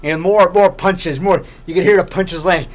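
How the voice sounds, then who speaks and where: In a grocery store, a middle-aged low-budget filmmaker and video blogger chats casually to a handheld camera held by a friend. His high voice has fairly even intonation and a moderate pace as he rambles, repeats himself, and often adds "man."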